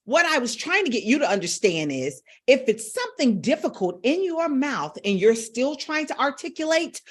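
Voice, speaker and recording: A middle-aged woman coaches her viewers through a live-streamed voice lesson. Her pitch swings lively up and down as she demonstrates and explains. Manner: animated, coaching directly to viewers. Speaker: vocal coach.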